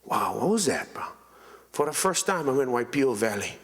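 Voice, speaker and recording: A man's voice: medium pitch, moderate pace. A man in his thirties with a Hawaiian Pidgin accent, giving a keynote speech and telling stories about himself in a joking way. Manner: joking, storytelling, lively. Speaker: keynote speaker. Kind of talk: storytelling speech. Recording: reverberant hall.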